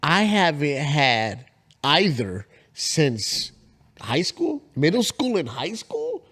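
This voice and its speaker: A man in his forties, co-hosting a casual podcast, telling a story and acting out the quotes with big jumps in pitch. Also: huge pitch swings, takes it slowly, a bit bright, slightly rough. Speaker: podcast co-host.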